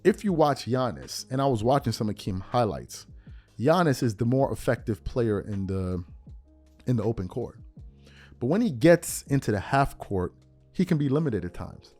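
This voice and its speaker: A man's voice: mid-range voice, very animated, moderate pace, darkish tone, faint music behind. A man in his thirties hosting a podcast, giving opinionated sports commentary with incredulous rhetorical questions and street slang. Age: 30s. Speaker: podcast host.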